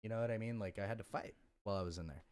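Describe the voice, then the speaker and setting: Blunt, profane low-voiced man. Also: racing, a little mellow, clear, resonant tone. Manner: blunt, profane storytelling with many fillers. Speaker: podcast guest. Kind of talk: candid casual conversation.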